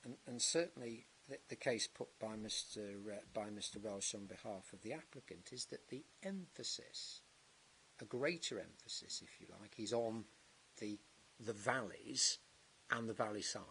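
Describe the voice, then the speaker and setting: A man cross-examining a witness at a planning inquiry, measured and halting, with many restarts and tag questions. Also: fairly low pitch, animated, gravelly, bright, forceful tone, slight background noise. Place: public inquiry hearing.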